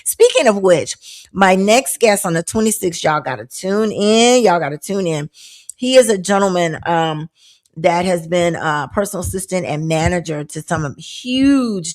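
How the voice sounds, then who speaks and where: A woman's voice: lowish voice, normal speed, a little mellow. A woman hosting a live-streamed talk show, chatting loosely and reading out viewer comments with frequent laughs and exclamations.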